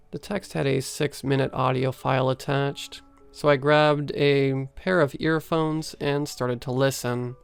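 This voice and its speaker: A man reading a first-person horror story aloud in a steady storytelling manner. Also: medium pitch, a little slow, vocal fry, clean tone, soft background music. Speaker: story narrator.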